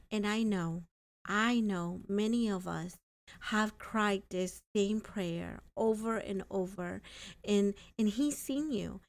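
A woman hosting a faith-based podcast, speaking earnestly and reading scripture aloud. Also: mid-range voice. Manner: earnest, reads scripture slowly. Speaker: podcast host.

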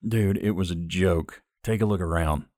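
A man's voice: low voice, moderate pace, a little mellow, no echo, natural voice. A man voicing an easygoing male bartender with a dry, offhand manner.

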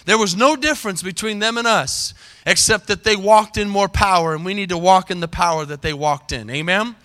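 A middle-aged male pastor preaching an evening church sermon, pausing often to ask the congregation for an "amen". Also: high voice, bright, forceful tone. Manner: preaching with call-and-response "amen" questions. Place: church sanctuary.

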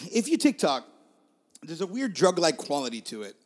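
A man co-hosting a podcast in casual chat, telling stories in an animated, profane way. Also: a little high, normal speed. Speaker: podcast co-host.

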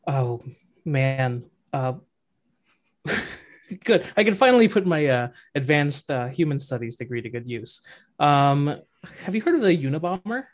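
A woman giving advice in a casual comedic chat, joking darkly in a deadpan way. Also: low voice, unhurried.

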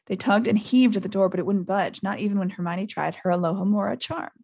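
A woman hosting a podcast, reading a novel aloud in a lively way. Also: medium pitch, quick pace, gravelly. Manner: lively, laughs often. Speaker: podcast host.

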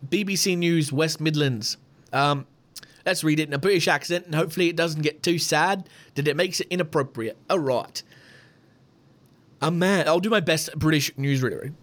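A man's voice: fairly high pitch, normal speed, a bit bright. A man hosting a podcast in a loose, rambling way, chatting and swearing freely. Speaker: podcast host. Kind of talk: casual podcast chat.

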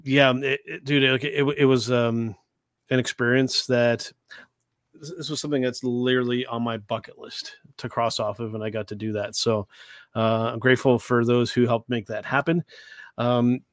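A man co-hosting a wrestling podcast who talks in an earnest, halting ramble. His voice is mid-pitched and stays flat, with little rise or fall. The mic is close and dry. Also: dry recording. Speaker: podcast co-host. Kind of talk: casual chat.

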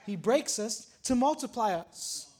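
Man, pastor, sermon, high voice, builds in intensity. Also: very animated, measured pace, darkish tone. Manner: preaching with rising intensity, reads a poem aloud.

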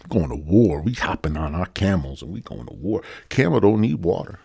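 A man's voice: deep voice, very animated, moderate pace, gravelly, few pauses, a little mellow, husky. A man hosting his own podcast, rambling and joking in a profane, casual monologue. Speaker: podcast host.

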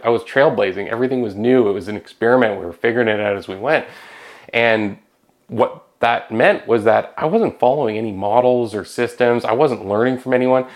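A man hosting a podcast, telling a personal story in a candid, conversational way with frequent fillers and restarts. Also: lowish voice. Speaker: podcast host.

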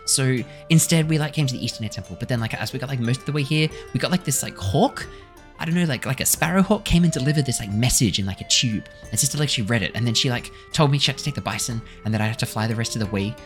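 A woman voicing a chatty, excitable young girl airbender in a tabletop game, rambling with lots of "like". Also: extremely low pitch, fast, faint music behind.

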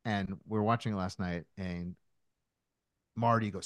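A man with a fairly low voice, recorded dry and close. He chats casually as a podcast co-host, rambling through stories with lots of fillers and false starts. He sounds to be in his thirties. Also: moderate pace, dry recording. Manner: rambling storyteller, many fillers and restarts. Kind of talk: casual chat.

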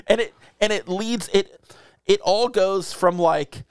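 A man's voice: sits high, unhurried, clear, resonant tone, no room sound, clean studio sound. A man co-hosting a podcast, chatting casually and crudely about movies, rambling and laughing. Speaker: podcast co-host. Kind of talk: casual movie-talk chat.

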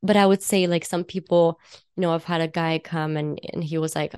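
A woman with a lowish voice chats warmly as a podcast guest, laughing often and circling back through fillers and restarts. The sound is dry and close to the mic, with no room echo. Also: steady tone, fairly quick, smooth. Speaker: guest, intuitive life coach and psychic. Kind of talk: casual podcast conversation.

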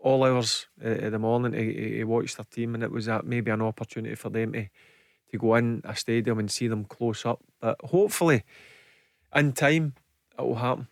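A man's voice: medium pitch, fairly even intonation, fairly quick, creaky, dry recording. A Scottish man giving football punditry on studio radio, earnest and plain-spoken, often repeating words as he goes. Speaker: football pundit, former player. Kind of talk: casual sports radio punditry. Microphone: studio microphone.

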